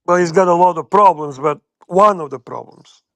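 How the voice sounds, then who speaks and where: A man's voice: sits high, moderate pace, fairly bright tone, no room sound. A man co-hosting a livestream who cuts in with teasing, profane remarks and reads out super chats. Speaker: livestream co-host. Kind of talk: casual livestream banter.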